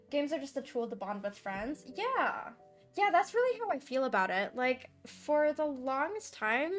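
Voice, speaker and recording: Chatty young woman streamer, giggly. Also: on the high side. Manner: chatty and giggly, baby talk to her cat. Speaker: art streamer. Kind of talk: casual chat while drawing. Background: soft background music.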